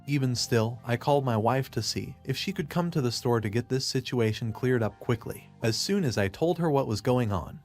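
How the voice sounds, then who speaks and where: A man narrating a first-person story in a plain, steady way. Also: medium pitch.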